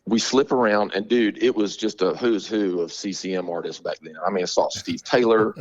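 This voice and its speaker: A man's voice: fairly low pitch, moderate pace, lo-fi sound. Laid-back man telling stories. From Montgomery, Alabama. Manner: animated, laughing, slangy storytelling. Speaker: guest musician, drummer. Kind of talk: casual storytelling interview.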